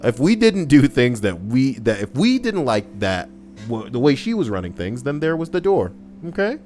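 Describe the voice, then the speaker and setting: A man's voice: mid-range voice, sing-song, normal speed, a little mellow, soft background music. A young man live streaming, chatting casually and reading viewer messages aloud in a rambling, crude, joking way.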